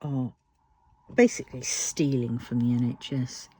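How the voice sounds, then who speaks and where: A British vlogger chats while diamond painting and turns to a heated, swear-filled rant, the voice jumping up in pitch when worked up. The sound is dry and close, with a middling pitch and no room echo. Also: a little slow, slightly rough. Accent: British English. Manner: heated ranting with frequent swearing; lively rising and falling pitch when worked up. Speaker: crafting vlogger.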